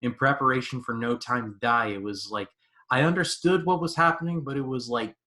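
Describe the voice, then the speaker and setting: Bright-voiced young man reviewing movies. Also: medium pitch, brisk. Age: 20s. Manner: animated storyteller, lots of "like". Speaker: podcast host. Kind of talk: casual movie review chat.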